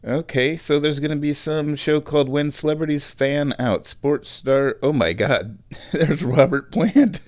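A man's voice: fairly high pitch, normal speed, hardly any pauses, dry recording. A young man hosting a casual solo show, rambling and correcting himself with chuckling asides while he watches football. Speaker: show host, committee chairman.

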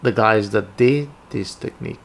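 A woman's voice: very deep voice, moderate pace, gravelly, slight background noise. A woman talking in a casual conversation, rambling and hesitant with frequent restarts.

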